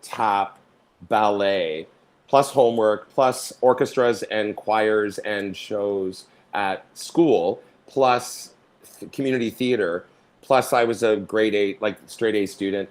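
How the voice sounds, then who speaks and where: A man's voice: on the low side, takes it slowly. A middle-aged man from Canada, a stage performer being interviewed, who tells his stories theatrically, acting out voices and singing lines. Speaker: guest performer. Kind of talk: storytelling interview talk.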